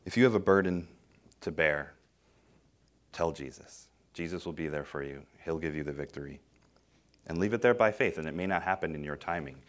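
Deep-voiced man preaching with emphatic bursts. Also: a little fast. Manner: swings between loud emphatic bursts and quiet low phrases. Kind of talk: sermon.

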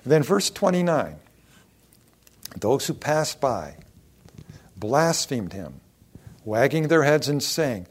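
Man, preacher, unhurried delivery, mid-pitched voice, dramatic taunting asides, loud and soft swings. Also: very animated, husky. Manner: acts out the mockers' taunts, swings from loud to hushed. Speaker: pastor. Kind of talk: sermon.

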